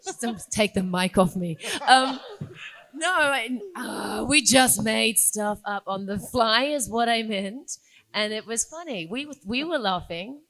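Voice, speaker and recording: A woman on a convention panel with a bright, ringing voice. She jokes, backtracks and trips over her own words as she chats. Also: on the high side, animated, a little slow. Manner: joking, self-interrupting. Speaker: panel guest actor. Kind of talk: casual panel chat.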